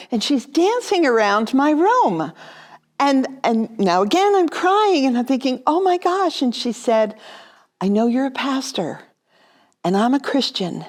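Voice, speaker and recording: A woman pastor speaks in a mid-range voice, neither high nor low. She tells a personal story as a devotional reflection, earnest and quietly emotional.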